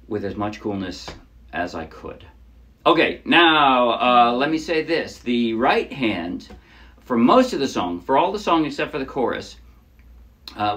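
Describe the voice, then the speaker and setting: A man teaching a ukulele lesson in a casual, chatty way, talking through chords and counting beats aloud as he plays. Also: medium pitch. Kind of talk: casual instructional talk. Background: loud ukulele playing.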